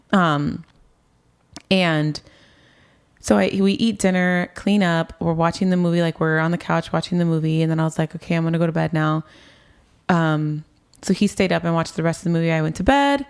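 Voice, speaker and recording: Speaking in a deep, clear, resonant voice, a woman in her twenties shares her own story with an interviewer at a brisk clip. Casual throughout, she scatters "like" and "um" everywhere and acts out past conversations.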